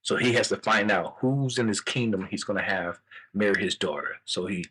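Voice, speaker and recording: A man's voice: lowish voice, moderate pace, sharp tone, slight background noise. A man hosting a casual talk show, laughing often and repeating himself as he tells jokes. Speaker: host. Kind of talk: casual chat.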